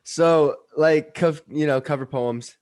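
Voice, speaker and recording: A man on a video call introducing a poem in a rambling way, trailing off quietly. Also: fairly high pitch, slow pace, background noise. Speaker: poet performer. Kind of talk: casual talk then poetry recitation.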